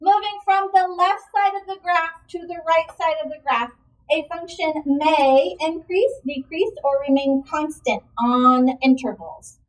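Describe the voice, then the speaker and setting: A woman with a high, bright voice walks a class through a math lesson, asking questions and praising the answers. She sounds a little far from the mic, as in a classroom recording. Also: a little slow. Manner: encouraging, checks in with questions. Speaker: math teacher. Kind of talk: classroom lecture.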